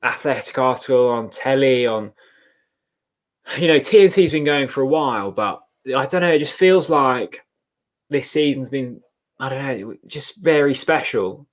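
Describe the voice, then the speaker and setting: A man's voice: mid-range voice, lively intonation, measured pace. A man co-hosting a football watchalong, rambling gratefully with lots of fillers. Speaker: fan channel co-host. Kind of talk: casual watchalong chat.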